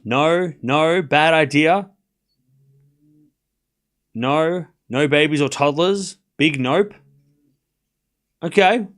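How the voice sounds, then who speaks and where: This man's voice is a little high with a fairly bright tone. Hosting a live tennis watchalong, he calls the score and chats casually with viewers, speaking directly to his live chat in a chatty way with quick asides and restarts.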